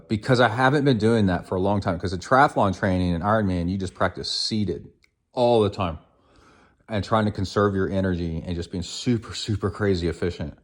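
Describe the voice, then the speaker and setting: Guy hosting an endurance podcast, rambling casual chat, kinda low voice. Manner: rambling, filler-heavy storytelling.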